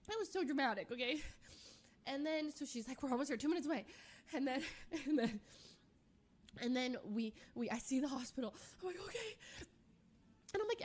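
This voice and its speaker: A woman streamer casually retelling a tense, emotional story, animated and full of fillers. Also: sits high, fairly quick.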